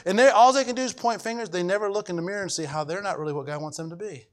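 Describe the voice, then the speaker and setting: A man's voice: sits high, expressive, very fast, few pauses. A middle-aged male pastor preaching a sermon emphatically, repeating his points and checking that the congregation follows. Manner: emphatic, repetitive, asks the congregation if they follow.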